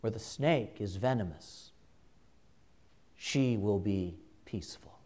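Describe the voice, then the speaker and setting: A man preaching a sermon, slow and emphatic, with dramatic pauses and quiet hushed drops. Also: on the low side.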